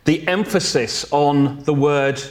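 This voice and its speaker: Guy giving a sermon, kinda high voice, takes his time, fixes his own words. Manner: slow, deliberate delivery with self-corrections and light humor. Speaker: preacher.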